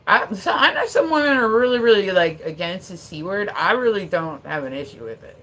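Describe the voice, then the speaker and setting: A woman's voice: medium pitch, expressive, fairly quick, fairly bright tone. A woman live streamer rambling casually at home, full of fillers and swearing. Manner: rambling, profane, many fillers. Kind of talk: casual livestream chat. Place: at home with her dog.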